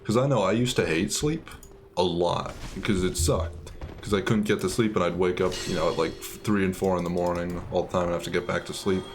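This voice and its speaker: A man's voice: low-pitched, a little fast, soft background music. A man chatting casually beside a game, laid-back and explaining things at length. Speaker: co-commentator. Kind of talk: casual let's-play chat.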